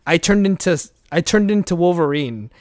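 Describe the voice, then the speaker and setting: Young adult male guest, fairly high voice, rambling and profane, dry close mic. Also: moderate pace, dry recording. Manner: rambling with restarts, swears freely, animated. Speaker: guest, former speech competitor. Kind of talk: casual interview chat.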